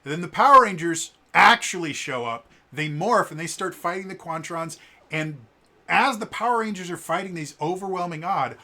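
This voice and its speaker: A man's voice: high voice, expressive, moderate pace, bright, forceful tone. A man reviewing a tabletop game book in casual talk, stammering and restarting often. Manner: stammering, frequent restarts and fillers.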